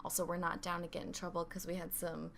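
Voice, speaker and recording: Gravelly-voiced young woman, giggly. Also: on the low side, completely flat delivery, quick pace, a bit bright, slight background noise. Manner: giggly, storytelling, says "like" constantly. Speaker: podcast co-host. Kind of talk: casual chat.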